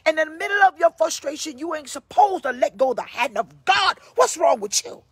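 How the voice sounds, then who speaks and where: A woman pastor preaching an impassioned sermon in a husky voice, at times bursting into shouts. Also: high-pitched, expressive, normal speed, no echo. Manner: impassioned, calls listeners baby, bursts into shouts. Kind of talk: fiery sermon.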